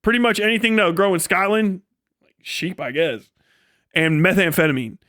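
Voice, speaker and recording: A man's voice: sits high, lively intonation, normal speed, bright, forceful tone, dry recording, clean studio sound. A man hosting a live stream, delivering a rambling, profane, mocking comedic rant. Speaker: livestream host.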